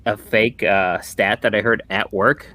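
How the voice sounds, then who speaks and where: A man's voice: on the low side, fairly even intonation, unhurried, sharp tone, dry recording. Easygoing young man from the Midwest. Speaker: podcast co-host. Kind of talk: casual chat.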